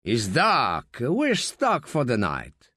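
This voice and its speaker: A man's voice: medium pitch, wildly swooping pitch, slow, bright, forceful tone, no echo, studio quality, exaggerated voice. A man voicing a drunk, combative male journalist with a scornful, slurring manner.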